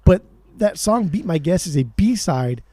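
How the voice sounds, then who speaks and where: A man co-hosting a music podcast, talking excitedly in casual chat and swearing often. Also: sits high. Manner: excitable, swears a lot, fast bursts. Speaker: podcast co-host.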